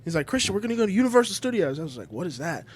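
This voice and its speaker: A man co-hosting a podcast, telling an animated story and acting out the people in it, swearing casually. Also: high-pitched, very fast, a little hiss or hum. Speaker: podcast co-host.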